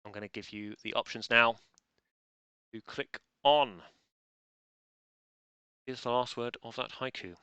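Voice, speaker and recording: A man's voice: medium pitch, steady tone, a little slow, long pauses, sharp tone, clear, resonant tone, no room sound. A man hosting a live quiz in a casual, playful way, chatting and breaking off into joking asides. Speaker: quiz host.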